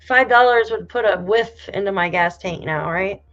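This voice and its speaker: A woman from New York State hosting a casual livestream, reading viewer comments aloud and reacting with loud exclamations and casual swearing. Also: medium pitch, unhurried. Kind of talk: casual live chat. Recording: slightly dull lo-fi audio.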